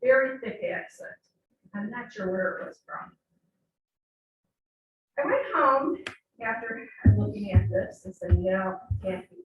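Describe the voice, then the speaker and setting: A woman's voice: mid-range voice, expressive, unhurried, long pauses, narrow, tinny audio, faint music behind. A woman with a Western New York accent telling a personal story as a club speaker, acting out the quoted dialogue. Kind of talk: storytelling speech. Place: meeting room. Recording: echoey room from far off.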